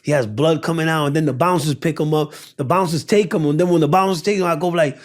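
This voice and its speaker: A man who speaks natively, telling animated stories as an interview guest, acting out the voices and laughing often. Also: fairly high pitch, quick pace. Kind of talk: animated storytelling in conversation.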